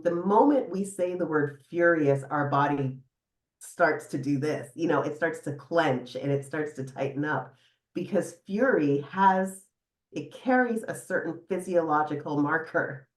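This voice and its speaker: A middle-aged woman psychotherapist talking casually as a podcast guest, animated, laughing now and then as she explains. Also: deep voice. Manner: animated, laughs often, guides listener through exercise. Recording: echoey room.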